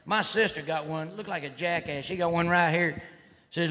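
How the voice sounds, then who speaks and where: Male comedian, rowdy redneck act, high voice, live stage with noisy audience. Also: moderate pace. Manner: rowdy redneck persona, drawling and shouting. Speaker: stand-up comedian. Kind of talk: stand-up routine. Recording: live hall recording with crowd noise. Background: audience laughter and noise.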